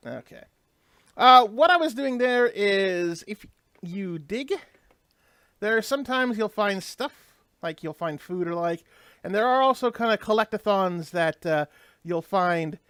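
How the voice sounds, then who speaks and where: A man's voice: sits high, a bit bright, smooth, no echo, clean studio sound. A man hosting a let's play, giving casual, rambling gameplay commentary and explaining the lore as he goes. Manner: rambling, explanatory, many fillers and restarts.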